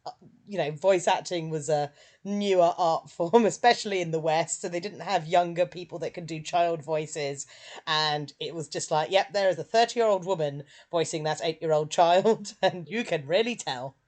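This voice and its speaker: A woman co-hosting a casual film review chat, animated and quick to put on silly voices. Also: lowish voice. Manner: animated, puts on silly voices when quoting. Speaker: podcast co-host.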